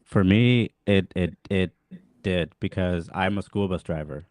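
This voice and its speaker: A man, a former Jehovah's Witness, telling animated stories on a casual online panel, saying "bro" and "like" a lot. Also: sits low, measured pace, no room sound, clean studio sound.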